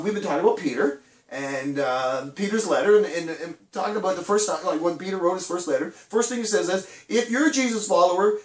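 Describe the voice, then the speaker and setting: A middle-aged man with a high, lively voice tells a children's church story in a chatty way, popping into little character voices and laughing along. He sounds a bit far from the mic, in an echoey room. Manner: chatty and animated, acts out voices, laughs often.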